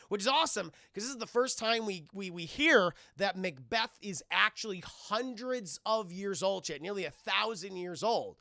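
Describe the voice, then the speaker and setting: A man's voice: sits high, animated, normal speed, gravelly, hardly any pauses, sharp tone, no room sound, clean studio sound. A man recapping a cartoon episode on a livestream, swearing freely and talking to his chat throughout. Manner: profane, keeps addressing chat, retells scenes in voices. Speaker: cartoon reviewer streaming to chat.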